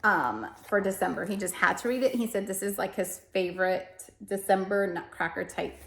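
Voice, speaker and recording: A woman with a mid-range, gravelly, slightly bright voice talks at a normal speed over a faint hiss or hum. She's a homeschooling parent reviewing books, chatting casually about what her family reads, rambling a bit and correcting herself. Her manner is emotional and self-deprecating.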